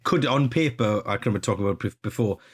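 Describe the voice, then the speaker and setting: A man's voice: lowish voice, animated, very fast, husky. A man hosting a casual podcast chat, hesitant and often restarting his sentences. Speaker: podcast host.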